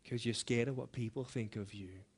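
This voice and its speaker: A young adult man giving an earnest, emphatic motivational speech to students, moving between hushed and loud passages. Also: mid-range voice, moderate pace, slightly rough. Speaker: motivational speaker.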